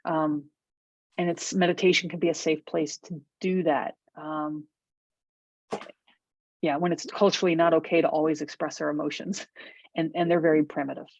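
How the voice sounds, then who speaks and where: A middle-aged woman teaching a meditation workshop in a warm, conversational way, often checking in with "right?" and "okay?". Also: deep voice, little pitch movement, normal speed, long pauses, no room sound. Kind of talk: guided workshop talk on a video call. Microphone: video call. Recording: dull lo-fi video call audio.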